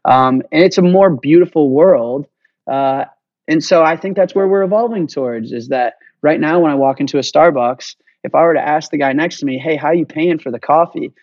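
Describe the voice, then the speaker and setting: A man talking as a podcast guest, passionate and fast-flowing, swearing casually as he makes his case. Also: fairly high pitch, a little mellow, no echo, dull audio. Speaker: guest, payments company founder. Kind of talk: energetic podcast interview.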